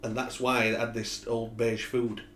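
A man's voice: mid-range voice, flat delivery, measured pace, a bit bright, slight background noise. A man, co-hosting a casual chat and telling anecdotes with swearing and laughs. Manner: storytelling, swears, laughs often. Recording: echoey room.

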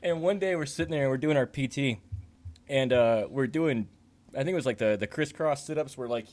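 A man's voice: medium pitch, fairly quick, darkish tone. A man telling a profane, funny story in casual chat.

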